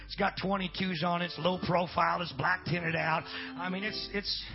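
A middle-aged male pastor with a high voice delivers a revival sermon. He swings from shouted preaching to easy, chatty storytelling. The recording sounds dull and lo-fi, with faint music underneath. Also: steady tone, moderate pace, gravelly. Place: church revival service.

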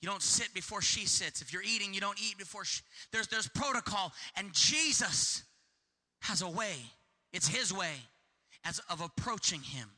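Impassioned high-voiced preacher man. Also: moderate pace, in a large hall. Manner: impassioned, repetitive, acts out shouted pleas. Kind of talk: sermon.

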